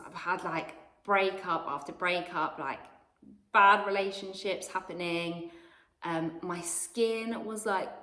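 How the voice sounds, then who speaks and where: British woman, lowish voice, rambly confessional storytelling, roomy echo. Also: bright, forceful tone. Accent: British English. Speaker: vlogger. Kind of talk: personal storytelling vlog.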